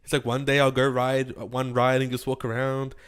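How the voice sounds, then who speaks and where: A man's voice: medium pitch, flat delivery, moderate pace, a bit bright, smooth. An Australian man co-hosting a podcast, telling stories in a rambling, casual way with many fillers. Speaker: podcast co-host. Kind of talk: casual chat.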